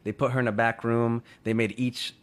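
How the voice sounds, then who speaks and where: A man's voice: medium pitch, level tone, normal speed, clean tone. A man casually retelling a story to others in conversation, full of "you know" and "like".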